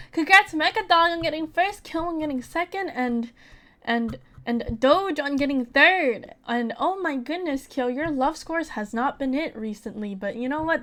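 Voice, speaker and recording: A woman streaming a video game, chatting casually with her viewers, excitable and giggly with crude jokes. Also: sits high. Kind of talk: casual live-stream chat while gaming.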